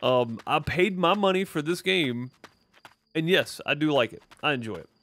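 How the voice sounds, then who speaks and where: A man's voice: a little high, expressive, moderate pace, a bit bright. A man with a Mississippi Southern accent, chatting casually as he streams a game and answers chat, rambling with lots of fillers. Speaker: gaming streamer. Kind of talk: casual live gameplay commentary.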